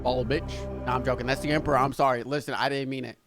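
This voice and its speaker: An American man hosting a reaction video, casually chatting in an excitable, rambling way with plenty of swearing. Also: medium pitch, very fast, music in the background. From United States.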